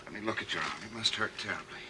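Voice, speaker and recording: An actor playing an earnest young male doctor who speaks to his creation with urgency and careful calm. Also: on the low side, rapid-fire, a little hiss or hum, natural voice. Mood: gentle. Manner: urgent, then gently coaxing. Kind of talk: 1970s TV horror drama.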